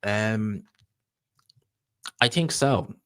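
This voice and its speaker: A man's voice: on the low side, drawn-out words, a bit bright, clean tone, no room sound. An Irish man hosting a live stream, chatting casually and rambling through answers to viewer questions. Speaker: livestream host reading viewer chat.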